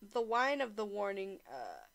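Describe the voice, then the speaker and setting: A woman's voice: mid-range voice, wildly swooping pitch, measured pace, vocal fry, a bit bright. A young woman casually reading a visual novel aloud, swearing and joking between lines. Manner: swears, laughs, breaks off to joke. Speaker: streamer narrating a visual novel. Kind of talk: casual read-along narration.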